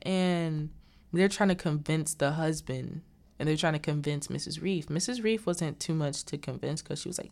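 A young woman with a slightly low voice, rambling through a film recap in a casual way. She fills her talk with 'like' and drops exasperated asides as she goes. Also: moderate pace, a little mellow. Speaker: vlogger reviewing a film.

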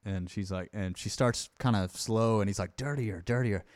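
A man's voice: on the low side, steady tone, moderate pace, no room sound. A man hosting a podcast in casual chat, laughing often and retelling movie scenes. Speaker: podcast host.

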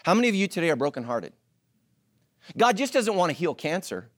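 Animated preaching man, lively pitch. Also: brisk, no room sound, studio quality. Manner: animated, joking asides to the congregation. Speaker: pastor. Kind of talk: sermon.

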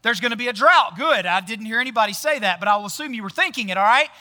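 Man preaching casually, very high voice, tense bright tone, quizzes listeners. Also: expressive, fast. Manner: quizzes the audience with questions; chatty, often tags lines with "right?". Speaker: pastor. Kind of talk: casual sermon.

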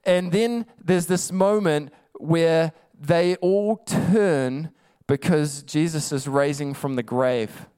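A man's voice: on the high side, takes it slowly, dark tone, smooth. A male preacher giving a sermon, emphatic and conversational, telling stories.

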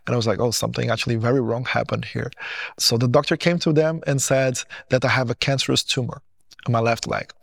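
Earnest man with a gravelly, dry voice. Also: medium pitch, fairly even intonation, fast talker, fairly bright tone, dry recording. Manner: earnest, retelling dialogue, restarts phrases. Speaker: testimony speaker. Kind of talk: personal testimony storytelling.

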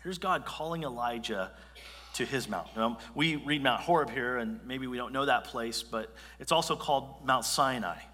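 Guy pastor preaching, bright forceful voice, acts out the quotes, big echoey hall. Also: mid-range voice, moderate pace, a little hiss or hum. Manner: animated storyteller acting out quotes. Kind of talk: sermon. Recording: long hall reverb.

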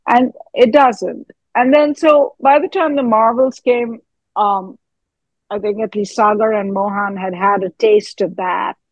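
A woman's voice: mid-range voice, measured pace, no room sound, rough recording. Earnest woman in her fifties, dry close sound. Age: 50s. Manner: earnest, animated, trails off with fillers. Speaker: actress guest. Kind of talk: casual interview chat.

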